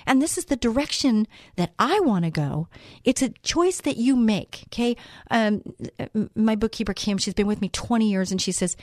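A woman's voice: fairly high pitch, animated, moderate pace, a little mellow, no echo, studio quality. A middle-aged woman hosting a faith-based talk radio show, speaking earnestly and putting direct questions to her listeners.

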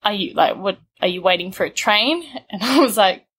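A woman's voice: mid-range voice, expressive, normal speed, fairly bright tone, slightly rough. A young Australian woman in her twenties, casually telling a story, laid-back and laughing often. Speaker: guest telling a travel story.

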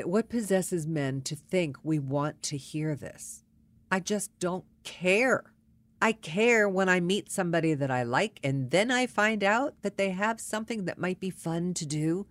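A woman's voice: sits low, expressive, measured pace, dry recording. A woman telling a personal story in a casual, wry and exasperated way.

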